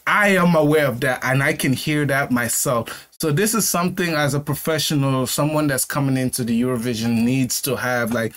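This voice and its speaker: A young man in a casual reaction video with a mid-range voice, neither high nor low. He speaks bluntly, keeps apologizing for his harsh opinions and repeats himself as he searches for words. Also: normal speed, few pauses, a bit bright.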